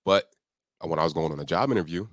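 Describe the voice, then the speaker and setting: An accountability coach talks fast on a podcast, recorded on a studio podcast microphone with clean sound and no room sound. He's emphatic and motivational, acting out his inner voice through jumps in pitch.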